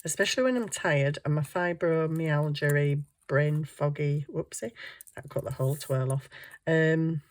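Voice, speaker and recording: A woman's voice: low voice, measured pace. A woman chatting casually while crafting at home, tired, ditzy and giggly, muttering to herself as she hunts round her desk. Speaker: craft vlogger.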